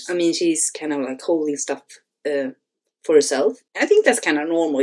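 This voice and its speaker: Low-voiced woman analyzing a screenplay. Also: darkish tone. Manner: hesitant, many fillers and restarts. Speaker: screenwriting channel host.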